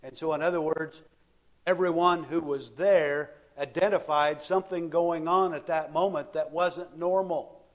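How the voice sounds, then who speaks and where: A man's voice: on the high side, steady tone, a little slow. A man preaching a sermon, telling the story with frequent repeated words and restarts.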